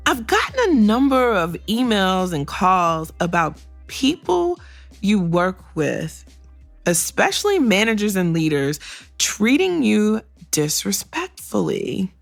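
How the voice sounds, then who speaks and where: A middle-aged woman talks straight into a close mic in a candid solo podcast, blunt and sassy. Her voice sits low with a gravelly fry, and the sound is dry and close. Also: no room sound. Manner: blunt, sassy and conversational, with laughs and acted-out quotes. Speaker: podcast host and career coach.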